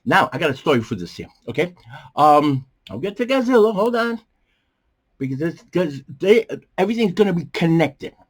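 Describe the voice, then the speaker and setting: Animated New man reviewing movies. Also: a little high, normal speed, slightly rough. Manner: animated, jumps around, many fillers and restarts. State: strained voice, coughing. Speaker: host of a movie review show. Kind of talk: casual rambling commentary. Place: small bedroom studio.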